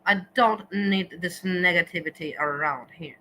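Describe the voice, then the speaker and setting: A woman's voice: fairly low pitch, measured pace, pushed and bright, a little hiss or hum, poor audio. A woman hosting a casual livestream, talking straight to her viewers and slipping in German words. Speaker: livestream host.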